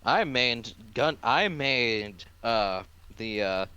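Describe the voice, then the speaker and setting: Bright-voiced young man running the game. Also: mid-range voice, expressive, drawn-out words, clear, resonant tone, dull audio. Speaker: dungeon master. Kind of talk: casual tabletop game chat.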